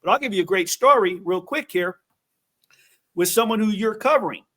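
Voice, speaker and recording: A man hosting an interview, telling stories in an animated way with quick asides. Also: sits high. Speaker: host. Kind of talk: casual interview chat.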